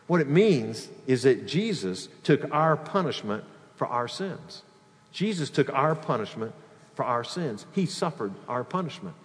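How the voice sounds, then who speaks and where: Emphatic preacher in a reverberant hall. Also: male voice. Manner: emphatic, rising to a high excited pitch when quoting. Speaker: pastor. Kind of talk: sermon. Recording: long reverb of a large hall.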